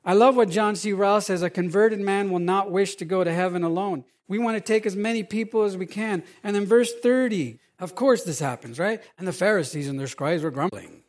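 A middle-aged man, a pastor, preaching a sermon in an animated, conversational way, asking his audience questions. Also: high-pitched, fairly quick, few pauses.

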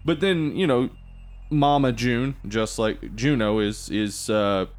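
A man's voice: medium pitch, slow. A man co-hosting a casual movie podcast, explaining things with many ums and uhs and laughing easily. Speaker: podcast co-host.

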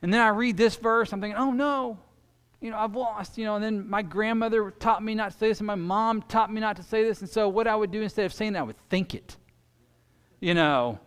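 Pastor, male, higher voice, animated sermon delivery, long hall reverb. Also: fast talker, clean tone. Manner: animated preaching that swings between loud emphasis and quiet intensity.

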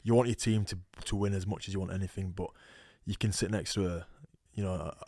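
A young man, a rugby player guest telling animated stories in a casual podcast chat. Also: low-pitched, quick pace, no room sound, studio quality. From England. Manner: storytelling, animated quoting, laughs often. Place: podcast studio.

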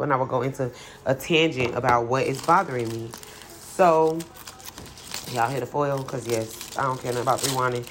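A woman hosts her own podcast in a loose, chatty solo talk. Her voice sits low, and she jokes and swears freely as she goes. She laughs often. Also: slight background noise. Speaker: podcast host. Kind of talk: casual solo podcast chat.

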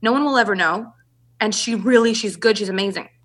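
A woman's voice: mid-range voice, fairly quick. A woman, a relationship and business coach, telling her story as a podcast guest and acting out the voices of people she quotes.

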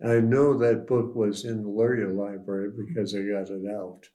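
A man recounting researched local history in casual conversation, pausing with fillers as he goes. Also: fairly low pitch, flat delivery, dark tone.

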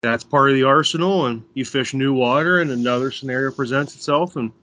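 An American man talks in a loose, rambling way as a podcast guest. His voice is bright and forward. He explains things at length in a friendly tone. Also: medium pitch, fairly quick. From Pennsylvania, USA. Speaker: podcast guest, fly tying guide. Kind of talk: casual interview chat. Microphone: remote call.

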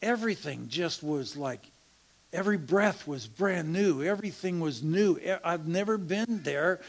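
Slow, halting man sharing a testimony. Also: on the high side, expressive. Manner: slow, halting storytelling with laughs and hushed asides. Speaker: church member sharing a testimony. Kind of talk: personal testimony in church.

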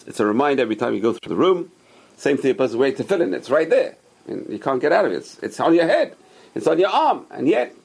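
A man giving a religious Torah class, emphatic and repetitive, rising sharply on stressed words and dropping low on asides. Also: vocal fry, a little mellow, slight background noise. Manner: emphatic, repeats key phrases. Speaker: religious teacher.

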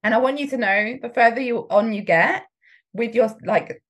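A woman's voice: on the high side, moderate pace, fairly bright tone, muffled recording. A woman coach giving a motivational talk, emphatic and frequently laughing as she acts out the voices in people's heads. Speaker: business coach.

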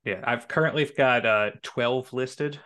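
A man's voice: mid-range voice, measured pace, sharp tone. A man on a podcast explaining his tournament plans casually, hesitating with plenty of fillers. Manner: hesitant, many uhs and you-knows. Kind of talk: casual chat.

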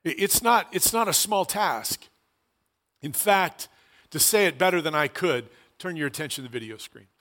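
A man preaching a sermon as pastor, earnest and conversational with animated asides. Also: on the high side, normal speed.

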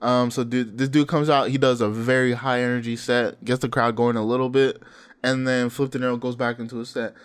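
A man's voice: fairly quick, smooth. Young male co-host, loose storyteller who laughs a lot and acts out what others said. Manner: animated, laughing, acts out quotes with sudden pitch jumps. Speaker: podcast co-host. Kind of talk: casual storytelling chat.

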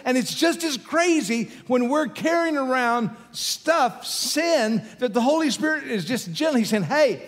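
A man preaching a sermon in a conversational way, repeating his key phrases for emphasis. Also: very high-pitched. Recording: long hall reverb with faint music.

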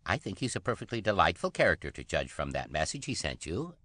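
A man's voice: deep voice, big pitch swings, fast, pushed and bright, no room sound, studio quality, voice pushed up, exaggerated voice. A man voicing a teasing, flippant young woman with an airy, mocking manner.

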